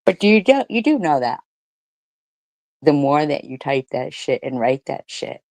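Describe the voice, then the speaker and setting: Gravelly low-voiced woman ranting. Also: big pitch swings, normal speed, darkish tone, dry recording. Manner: profane, mocking and combative; sarcastic asides and rhetorical questions. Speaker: commentary streamer. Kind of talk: ranting commentary on comments read aloud.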